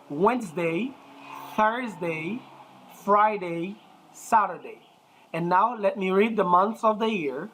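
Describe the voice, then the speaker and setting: A Haitian woman with a Haitian accent teaches an English lesson in a voice of middling pitch. She rambles, correcting herself often and filling pauses with "um" and "I mean." When she drills words, she draws each one out slowly. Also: poor audio. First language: Haitian Creole. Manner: rambling, with many fillers and self-corrections; slow, drawn-out pronunciation drills. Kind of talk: recorded online grammar lesson.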